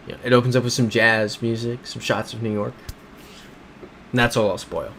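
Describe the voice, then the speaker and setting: A man's voice: medium pitch, little pitch movement, moderate pace, long pauses, fairly bright tone, a little hiss or hum. A man hosting a casual livestream while playing a geography game, talking in a rambling, self-correcting way and answering chat. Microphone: desk microphone.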